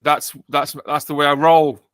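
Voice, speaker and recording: A man's voice: fairly high pitch, flat delivery, moderate pace, fairly bright tone, clear, resonant tone, no room sound. A British man hosting a podcast in casual chat, joking and rambling with frequent self-corrections. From Britain. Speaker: podcast host.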